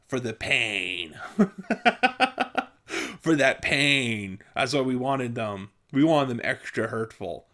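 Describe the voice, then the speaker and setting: A young man rambling through childhood stories in a casual vlog, often laughing and jumping loud and high when he acts out what people said. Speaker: vlogger. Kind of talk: casual storytelling monologue.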